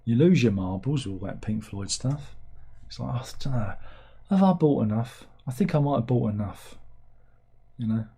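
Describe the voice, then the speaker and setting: A man's voice: medium pitch, lively intonation, normal speed, vocal fry, dark tone, breathy edge. A middle-aged man, hosting a livestream in casual chat. He rambles and mocks himself as he reads out viewers' comments. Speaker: livestream host.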